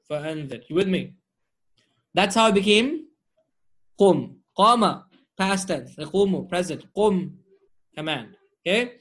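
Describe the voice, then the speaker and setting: A man's voice: high voice, a bit bright. A man teaching Arabic grammar online, drilling word forms and checking in with his students often.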